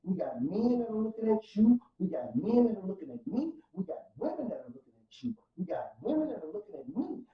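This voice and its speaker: The audio is dull and the sound roomy and distant as a fervent St. man, his voice sitting high, talks briskly and very animatedly with hardly any pauses. Appearing as a guest in a podcast studio room, he offers emotional testimony in a casual way, preacher-like, rising from soft to loud.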